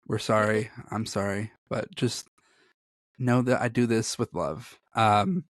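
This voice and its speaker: This man is a podcast co-host whose talk is casual and rambling, full of self-deprecation and frequent laughter. His slow, steady voice sits on the low side. Clean studio sound, with no echo.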